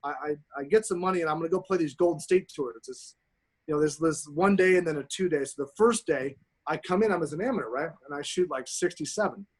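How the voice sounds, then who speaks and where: A man in his forties, a pro golfer telling profane, animated stories as a podcast guest. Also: a little high, fast, slightly rough. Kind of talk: casual storytelling.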